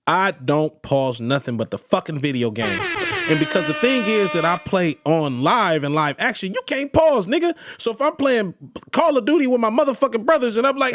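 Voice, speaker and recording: A young Bay Area man hosting a podcast, delivering a loud, profane comedic rant. His voice sits high and swings wildly, leaping into yelps and sinking into gruff low asides. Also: animated, normal speed, loud music behind the voice. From East Oakland, California. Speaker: podcast host.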